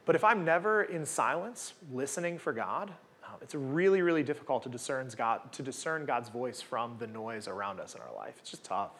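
A man's voice: medium pitch, lively intonation, normal speed, a bit bright, a little hiss or hum. A man in his forties giving a casual, conversational sermon at a church gathering, full of rhetorical questions and tag "right?"s. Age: 40s. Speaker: guest preacher.

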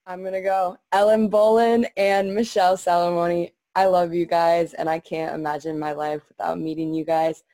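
A woman's voice: lowish voice, fairly even intonation, normal speed, hardly any pauses, dark tone, no room sound. A young woman on a video call gushes about two friends, saying "like" often. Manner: gushing, says "like" a lot. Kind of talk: heartfelt casual tribute.

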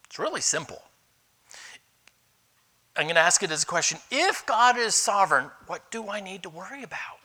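A middle-aged man preaching a sermon as pastor, telling candid personal stories in an animated way. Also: high-pitched, moderate pace.

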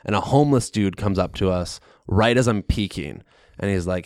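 A man with a lowish, smooth and resonant voice tells a rambling story in casual podcast chat. He leans heavily on filler words and keeps the story moving. The sound is close and dry, with no room around it. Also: moderate pace, a little mellow, dry recording.

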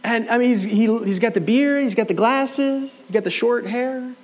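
A man's voice: very high-pitched, normal speed, soft background music, low-quality recording. A middle-aged man preaching a sermon, telling a personal story and acting out both sides of the conversation. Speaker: pastor. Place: church hall.

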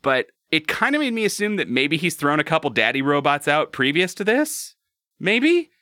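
A man hosting a casual podcast chat, animated and quick to laugh. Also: a little high, dry recording, studio quality. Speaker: podcast host.

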